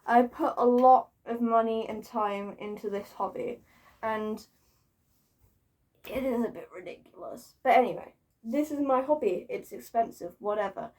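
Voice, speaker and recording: A woman's voice: on the high side, moderate pace, darkish tone. Giggly, foul-mouthed woman ranting. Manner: swears freely; giggly and self-mocking. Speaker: vlogger. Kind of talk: casual rant to camera.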